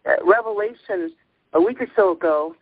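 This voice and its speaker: A woman's voice: on the low side, expressive, moderate pace, breathy edge, no echo. A woman hosting a spiritual call-in show and guiding listeners, talking in an effusive way with laughs and exclamations. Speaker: host. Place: teleconference call. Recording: dull lo-fi call recording.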